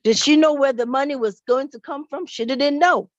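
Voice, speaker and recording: Higher-voiced woman telling a children's story. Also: moderate pace, dry recording. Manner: lively, expressive storytelling. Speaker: children's story teller at church. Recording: dull, dry recording.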